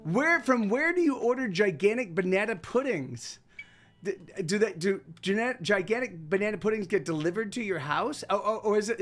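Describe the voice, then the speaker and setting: A man with a very high voice rambles casually to his livestream viewers, often restarting his sentences. Clear guitar music plays behind him while he talks. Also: fairly bright tone. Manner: rambling, self-interrupting, laughs often. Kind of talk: casual chat to stream viewers.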